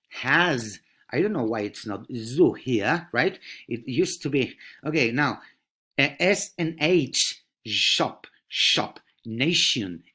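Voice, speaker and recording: Male pronunciation teacher, unhurried delivery, exaggerates sounds and keeps checking in with the class. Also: mid-range voice, a bit bright. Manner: over-articulates sample words, often checks with "right?". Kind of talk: pronunciation lesson.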